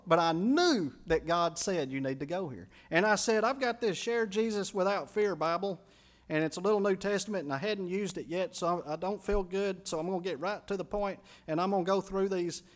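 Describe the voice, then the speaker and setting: Male pastor, high-pitched, earnest storytelling sermon voice. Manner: earnest storytelling, quotes people in their voices.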